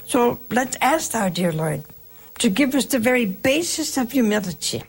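A woman hosting a religious call-in show, giving an earnest, reflective spiritual talk in slow, emphatic parallel phrases. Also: fairly high pitch, big pitch swings, husky.

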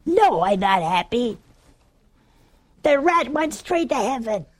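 A woman's voice: fairly high pitch, big pitch swings, takes it slowly. A woman doing an indignant bitter widow. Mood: heated. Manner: resentful, heated complaining.

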